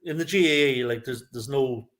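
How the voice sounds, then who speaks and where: A man with a mid-pitched voice tells a long story as a guest in a casual chat. His delivery is relaxed and chatty, with plenty of asides along the way. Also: moderate pace. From lives in Kerry, Ireland.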